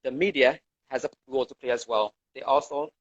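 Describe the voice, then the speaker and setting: Male co-host, halting and filler-heavy, mid pitch, dry lo-fi recording. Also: no echo. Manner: hesitant, fills with "um" and "you know". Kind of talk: casual discussion. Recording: dull lo-fi recording.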